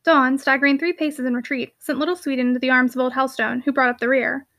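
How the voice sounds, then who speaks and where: Brisk, high-voiced woman reading a novel. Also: little pitch movement, pushed and bright. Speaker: audiobook reader.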